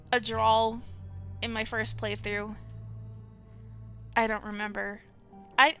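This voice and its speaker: A woman's voice: fairly high pitch, bright, forceful tone. A woman hosting a let's-play from home, chatting casually and thinking aloud as she reads the game. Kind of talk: casual game commentary and reading. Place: home with cats nearby. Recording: game music in the background.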